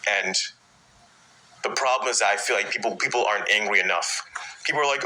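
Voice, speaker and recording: A man ranting in a frustrated, halting way, restarting his sentences again and again. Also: lowish voice, bright, forceful tone, slight background noise, rough recording. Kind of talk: personal rant.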